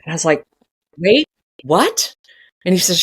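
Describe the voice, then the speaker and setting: A woman's voice: fairly low pitch, a little slow, husky. A woman in her sixties, a podcast guest, telling a personal story in casual conversation, acting out what people said and laughing often. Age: 60s. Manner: animated, laughing often, acting out quoted dialogue.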